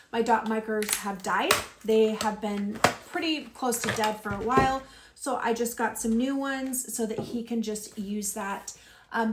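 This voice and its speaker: A woman who homeschools, chatting casually as she shows and explains each item step by step. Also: a little high. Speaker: homeschooling parent. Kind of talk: casual show-and-tell haul video. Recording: echoey room with faint hiss.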